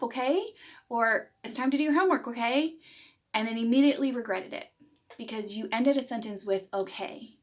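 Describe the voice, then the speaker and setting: A woman in her thirties giving a parenting lesson to camera, explaining plainly and acting out what a parent might say. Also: a little high. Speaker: parenting educator.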